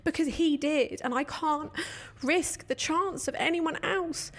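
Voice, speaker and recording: A woman with a high, bright-pitched voice speaks through tears, crying as she answers. She talks in a heartfelt, open way, with sudden surges of feeling. It is a live question-and-answer session at a retreat. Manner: heartfelt, open, quick bursts of emotion. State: tearful, crying while talking. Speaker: retreat co-host. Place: retreat room with an audience.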